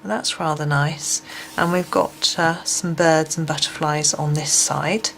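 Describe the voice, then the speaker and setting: Gentle, hesitant woman over steady hiss. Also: low-pitched, measured pace, creaky. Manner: gentle, hesitant, frequent ums, drops to near whisper while unwrapping. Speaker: colouring book reviewer. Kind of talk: casual flip-through review. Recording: steady background noise.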